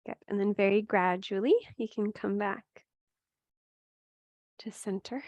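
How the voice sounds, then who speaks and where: A woman teaching a gentle yoga class, giving steady cues with chatty asides and laughing at her own slips. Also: mid-range voice, measured pace, dry recording, lo-fi sound. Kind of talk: guided yoga class instruction.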